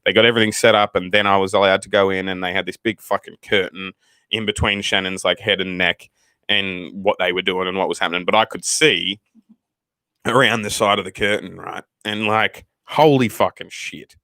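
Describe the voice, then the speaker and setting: A man with an Australian accent, a channel host telling a story casually to his viewers, rambling and animated, with frequent swearing. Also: low-pitched, fairly quick, dry recording. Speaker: channel host, new father.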